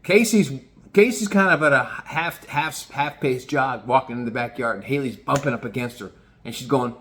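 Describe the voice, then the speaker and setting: A man telling a casual story in an animated, swearing manner. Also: mid-range voice, fairly quick. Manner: animated, swearing, lots of restarts. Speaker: vlogger.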